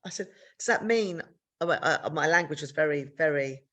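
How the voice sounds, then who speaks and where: A woman's voice: animated, moderate pace. Frank, candid woman telling her story. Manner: frank, swears freely, re-enacts dialogue with big pitch jumps. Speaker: podcast co-host sharing her story.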